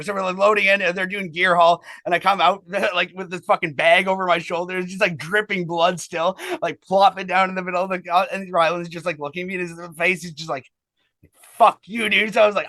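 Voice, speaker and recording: A man fronting a band rambles through stories in a casual interview. He swears freely and leans on fillers as he talks. His voice sits a little high, and the sound is dry. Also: fairly even intonation, fast, pushed and bright, dry recording. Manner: rambling, profane, heavy on fillers.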